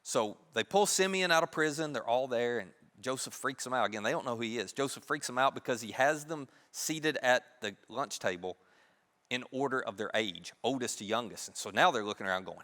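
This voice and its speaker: Male pastor, animated sermon, bright voice, reverberant church hall. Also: medium pitch, a little fast. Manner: animated, humorous, conversational. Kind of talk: sermon storytelling. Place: church sanctuary.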